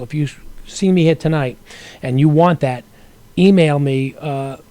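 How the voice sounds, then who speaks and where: A man's voice: a little high, mellow. A man from Brooklyn appearing as a guest actor, telling rambling stories in a casual interview, with frequent restarts. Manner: rambling storyteller with many restarts.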